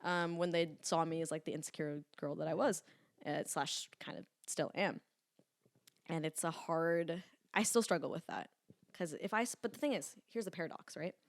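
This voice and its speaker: A woman's voice: lowish voice, normal speed, no room sound. Young woman guest, candid and rambling, dry close sound. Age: about 20. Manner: chatty, animated storytelling with frequent "like" and swearing. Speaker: podcast guest, lifting influencer. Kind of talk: casual candid chat.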